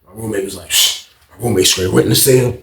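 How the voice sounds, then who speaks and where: Gravelly man spinning a rambling story. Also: fairly low pitch, quick pace, reverberant. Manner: slangy, rambling, acts out shouts. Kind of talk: casual storytime.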